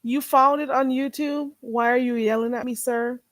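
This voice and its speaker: A woman's voice: high voice, fairly even intonation, moderate pace, no echo. A woman vlogger in casual solo chat, chatty and self-mocking, talking half to herself.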